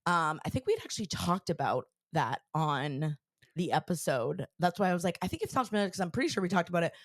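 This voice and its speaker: A young woman co-hosting a podcast, telling a story in a casual, excitable way with lots of filler words. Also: on the low side, fast talker, no room sound, clean studio sound. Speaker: podcast co-host.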